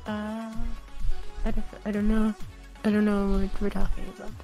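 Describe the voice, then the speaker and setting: A playful woman chats and giggles on a live stream, now and then slipping into other languages. Her voice sits at a middle pitch. Faint music plays in the background. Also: completely flat delivery, normal speed, dark tone. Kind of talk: casual chat.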